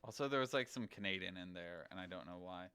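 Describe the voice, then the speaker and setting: A man chatting casually as a game streamer on a livestream, rambling and thinking out loud. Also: low-pitched, quick pace, clean tone. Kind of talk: casual livestream chat while gaming.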